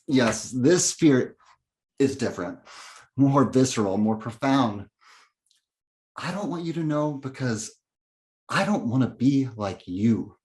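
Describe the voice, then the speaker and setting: A man's voice: medium pitch, darkish tone. Bitter sardonic man in monologue. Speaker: narrator and main character. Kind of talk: dramatic inner monologue.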